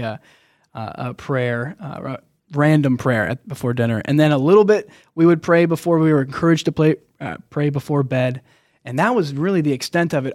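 A man's voice: medium pitch, a little mellow, no room sound, clean studio sound. A young American man telling his personal faith story as a podcast guest, earnest and rambling, with many restarts.

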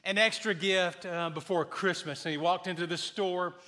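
A man's voice: sits high, steady tone, normal speed, bright, forceful tone. A male pastor giving a sermon in a church sanctuary, telling jokes and then building into emphatic preaching.

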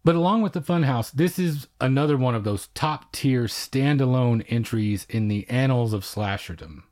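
A man's voice: medium pitch, moderate pace, darkish tone. A man in the middle of his range, talking through old horror films on a casual podcast. His manner is enthusiastic and a little wry, like a devoted film buff. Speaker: podcast co-host. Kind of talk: casual film review chat.

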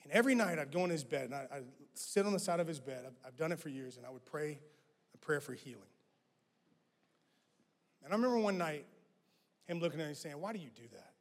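A man preaching a sermon as guest pastor, who swings from loud emphatic lines to hushed ones. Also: fairly high pitch, animated, fast, long pauses. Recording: long reverb of a large hall.

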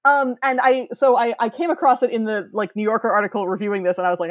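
A woman's voice: a little high, fairly even intonation, quick pace, dry recording, muffled recording. A woman in her thirties, a podcast guest, explaining ideas eagerly in casual chat and laughing often.

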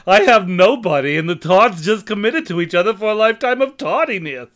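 A man's voice: sits high, lively intonation, fairly quick, fairly bright tone, pitched above the performer's own voice. A man putting on a giggly, fluttery old vaudeville clown voice as a comic impression on a podcast. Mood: giddy.

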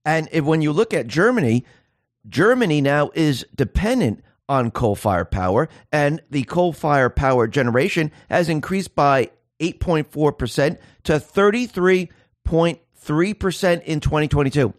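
A male commentator delivering a monologue in a fairly high voice. He talks emphatically, asking one rhetorical question after another. The sound is dry and close, with no room echo. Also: animated, unhurried. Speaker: political commentary host.

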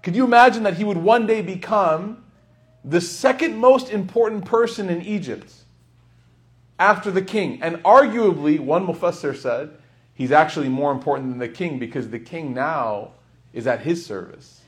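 A man's voice: on the high side, lively intonation, normal speed. Man teaching, telling stories. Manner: storytelling, acts out dialogue. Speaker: Quran teacher. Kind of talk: lecture on scripture.

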